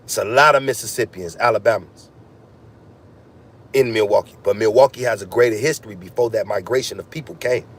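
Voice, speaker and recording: A man's voice: on the low side, brisk, breathy edge. A man delivering a heated, profane, freewheeling podcast monologue, ranting and swearing constantly. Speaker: podcast host.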